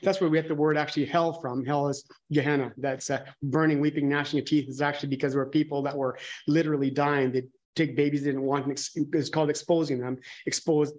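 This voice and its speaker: A man's voice: on the high side, a little mellow, highs cut off. A man preaching a conversational sermon, candid and musing, thinking aloud and often restarting his sentences.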